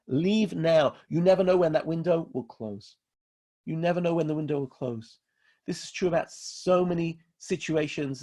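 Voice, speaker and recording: A man's voice: on the high side, darkish tone, husky. A man from England, a rabbi giving a Torah lecture in an emphatic way, repeating key phrases to drive them home. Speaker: rabbi teaching a class.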